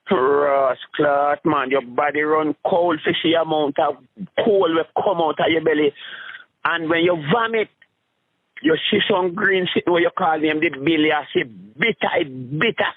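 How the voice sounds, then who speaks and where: A Jamaican man rambles through comic stories, swinging up into squeaky voices when he acts out a scene. His voice sits a touch high. The sound is dry and tinny, like a phone line. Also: a little slow, no echo. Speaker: street comedian.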